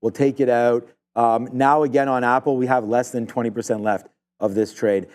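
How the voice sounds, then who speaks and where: A man hosting a live trading stream, giving rambling, excitable market commentary full of fillers. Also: mid-range voice, normal speed.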